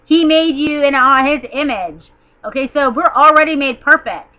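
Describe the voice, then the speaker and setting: A woman's voice: high-pitched, moderate pace, lo-fi sound. A woman in her forties talking casually to her camera, earnest and confessional, rambling with lots of fillers. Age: 40s. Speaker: vlogger. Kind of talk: casual personal talk to camera. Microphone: webcam.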